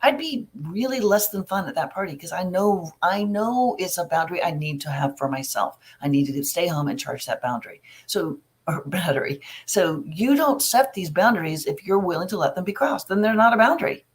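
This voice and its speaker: A woman's voice: lowish voice, animated, brisk. Chatty middle-aged woman giving frank advice. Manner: casual, chatty, frank advice with everyday examples. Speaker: family recovery coach. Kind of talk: live Q&A, answering viewer questions.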